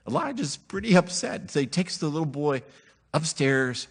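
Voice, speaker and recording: Animated storytelling male preacher. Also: a little high, a little slow, slightly rough. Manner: conversational storytelling with humor and asides; animated, acts out quoted characters. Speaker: pastor. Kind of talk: sermon.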